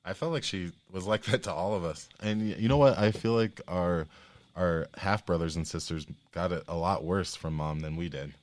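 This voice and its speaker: A man's voice: deep voice, moderate pace. A man hosting a podcast interview, asking probing questions and affirming often, with frequent "like". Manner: probing, affirming, uses filler "like". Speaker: podcast host. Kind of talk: interview conversation.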